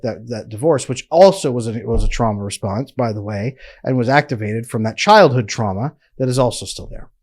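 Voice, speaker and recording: A man, a relationship coach, giving an emphatic, conversational educational talk to camera. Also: mid-range voice. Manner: emphatic, conversational, acts out quotes.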